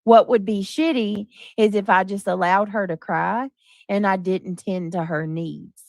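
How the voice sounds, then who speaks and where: A woman's voice: mid-range voice, steady tone, measured pace, vocal fry, a little mellow, dry recording. A woman hosting a livestream, talking to her chat in an emphatic, defensive way. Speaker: livestream host.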